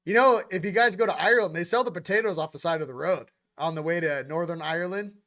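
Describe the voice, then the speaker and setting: A man's voice: sits high, fast talker, fairly bright tone. Slangy, rambling young man. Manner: loose, slangy, rambling with quoted asides. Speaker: spiritual channel host. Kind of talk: casual livestream monologue.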